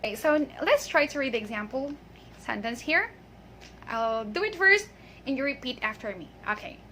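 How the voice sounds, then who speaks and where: A woman with a high voice leads a pronunciation lesson, drilling one word at a time. Her tone is bright and clear. She repeats words slowly so the listener can copy them. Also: lively intonation, slight background noise. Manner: patient, drills words and checks with "okay?". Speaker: English pronunciation teacher.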